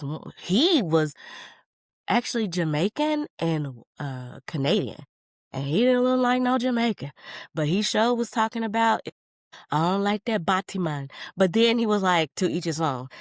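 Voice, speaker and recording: A woman hosting a podcast, talking in a loose, slangy with big playful swings in pitch and volume. Her voice sits fairly low for a woman, and the close, dry recording has almost no room sound. She is still getting over the flu. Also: dry recording. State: recovering from flu. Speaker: podcast host. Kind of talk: casual chat.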